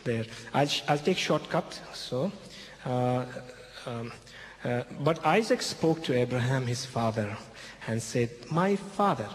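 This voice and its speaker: A man's voice: medium pitch, expressive, slow pace, slight background noise. A man preaching a sermon, retelling a scripture story in with emphatic stresses and frequent "okay?" checks to his listeners. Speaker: pastor. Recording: reverberant hall, faint ambience.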